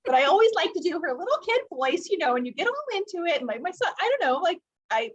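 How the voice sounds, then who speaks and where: A woman's voice: very high voice, quick pace, muffled recording. A woman guest from a library, chatting casually and expressively and calling herself theatrical. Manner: expressive, self-described theatrical. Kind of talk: casual interview chat.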